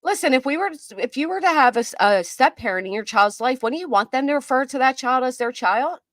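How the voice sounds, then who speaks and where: A woman's voice: high-pitched, expressive, a little fast, no echo, clean studio sound. A woman doing live reaction commentary, chatty and reading viewer comments aloud. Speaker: commentary streamer.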